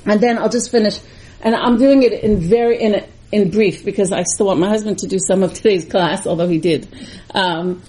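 A woman's voice: on the high side, mellow, low-quality recording. A woman teaching a Torah class, speaking earnestly and bluntly and repeating phrases for emphasis. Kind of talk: religious class talk.

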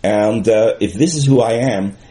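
A man's voice: fairly low pitch, moderate pace, warm tone. A man co-teaching a religious class, thinking through examples aloud in a thoughtful way.

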